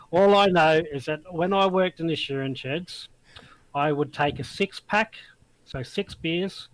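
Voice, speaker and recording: A man's voice: on the high side, a little slow, no room sound, poor audio. An Australian man speaking as a guest, laid-back and wry in casual conversation. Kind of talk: casual chat.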